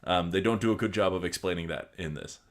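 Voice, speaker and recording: A deep-voiced man narrates in a flat, deadpan way, as if reading a serious story. He is hosting and leading a comedy fan fiction reading. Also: fast. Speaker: podcast host and narrator.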